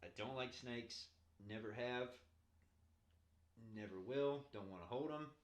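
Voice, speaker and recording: A man's voice: medium pitch, measured pace. A man co-hosting a podcast, talking casually in a blunt, profane, joking way. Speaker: podcast co-host. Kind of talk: casual chat. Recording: echoey room.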